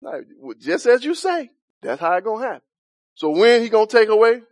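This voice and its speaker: A man's voice: sits high, big pitch swings, brisk, dry recording. A man leading an interactive Bible study, asking the group questions, chuckling often and talking in a loose, informal way.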